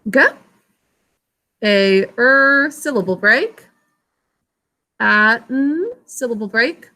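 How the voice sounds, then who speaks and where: A woman teaching spelling over a video call, her voice pitched a little high and bright. She speaks slowly and carefully, breaking words into syllables for young pupils. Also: lively intonation. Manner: slow, clear, sounding words out syllable by syllable. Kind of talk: online class lesson, spelling instruction.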